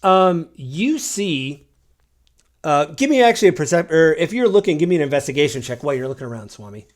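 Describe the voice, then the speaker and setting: A man's voice: a little high, sing-song, fairly quick. A man running a tabletop game as game master, narrating loosely with lots of fillers. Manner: loose, rambling, full of fillers.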